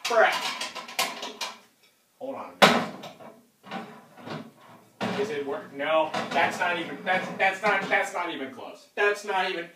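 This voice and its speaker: A woman vlogging at home on a handheld camera, rambling casually, swearing often, jumping between loud yelling outbursts and low muttering. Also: slow, long pauses, very noisy. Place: at home, walking through rooms.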